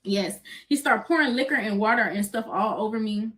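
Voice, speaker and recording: In a medium-pitched voice, a little on the fast side, a young woman relays a wild personal story to the people watching. It's a profane, animated account in which she acts out what everyone said.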